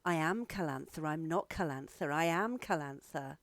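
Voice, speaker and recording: A woman's voice: low voice, moderate pace, dry recording. A woman voicing an eerie plant queen, cold and imperious. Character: eerie regal female plant spirit queen.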